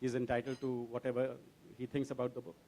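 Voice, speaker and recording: A man's voice: mid-range voice, quick pace. A man, a diplomat and author on a book fair panel, telling dry, humorous anecdotes. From India. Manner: dry, deadpan storyteller.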